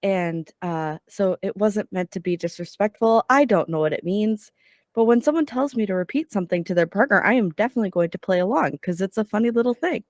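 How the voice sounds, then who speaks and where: A woman's voice: medium pitch, animated, brisk, a little mellow, no room sound, close to an everyday voice. An eager, chatty adventurer rambles out an apology in a whispered role-play, as a woman puts her on. Her voice sits in a middle register and the sound is dry and close. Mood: sheepish.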